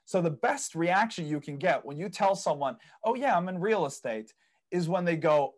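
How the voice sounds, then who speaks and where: A man's voice: sits high, lively intonation, normal speed. A man guesting on a podcast, telling stories about property investing, acting out people's reactions and laughing at his own tales. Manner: storytelling, acts out other people's quoted reactions. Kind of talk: casual interview chat.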